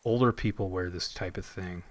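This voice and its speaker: Goofy streamer man, lowish voice. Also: brisk, slight background noise. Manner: goofy, jokey asides. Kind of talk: casual live gameplay commentary. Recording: stream with game music behind.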